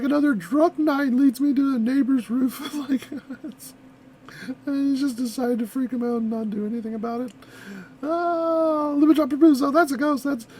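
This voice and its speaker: A woman's voice: high-pitched, a little mellow. A woman hosting a reaction video, chatting in a rambling, giggly way. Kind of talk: casual reaction commentary.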